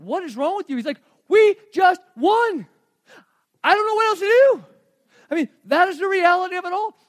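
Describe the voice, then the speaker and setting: High-voiced animated pastor. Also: male voice. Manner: animated storytelling, swings from hushed to shouting. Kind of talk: sermon.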